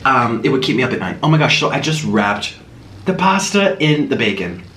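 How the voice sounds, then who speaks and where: A man vlogging as he eats, telling a story in an animated way and gasping and murmuring between bites. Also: medium pitch, moderate pace, roomy sound, a little hiss or hum. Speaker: mukbang vlogger. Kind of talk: storytelling while eating on camera.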